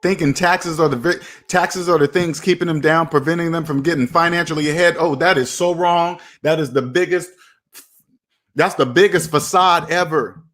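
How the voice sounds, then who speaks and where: A man's voice: a little high, fairly even intonation, moderate pace, a bit bright. A man in his forties giving a preachy, repetitive motivational talk about personal finance, often addressing himself by his own name. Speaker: personal finance video host. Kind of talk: motivational monologue to camera.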